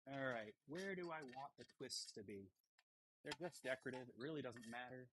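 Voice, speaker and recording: A man hosting a live stream from his smithy, chatting casually and rambling with pauses and fillers while he works on a blade. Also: medium pitch, background noise. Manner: rambling, thinking aloud between tasks, halting with fillers. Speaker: blacksmith livestream host. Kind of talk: casual chat while forging. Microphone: wireless transmitter mic.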